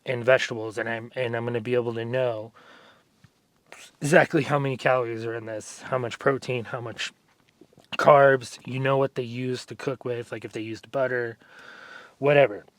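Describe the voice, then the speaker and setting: A man's voice: medium pitch, level tone, normal speed, no room sound. Rambling man chatting through a workout. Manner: rambling, filler-heavy storytelling. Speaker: fitness vlogger. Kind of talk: casual vlog chat during a workout.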